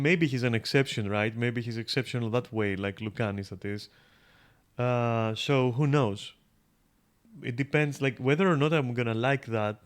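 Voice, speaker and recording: A man's voice: mid-range voice, clear, resonant tone. Rambling, swearing male game streamer. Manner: rambling, swears freely, thinks aloud with many fillers. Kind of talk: casual gameplay commentary.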